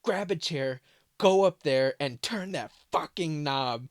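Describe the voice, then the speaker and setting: A man's voice: on the high side, expressive, takes it slowly, no room sound, studio quality, voice pushed up. A man voicing his frantic, anxious middle-aged mother as she panics and swears.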